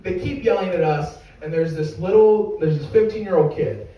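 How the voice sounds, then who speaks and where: A man's voice: high-pitched, moderate pace, lo-fi sound. Young man, stand-up comedian, rambling and profane, very echoey distant room. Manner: rambling, profane, self-mocking. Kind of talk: stand-up storytelling. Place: comedy venue with audience.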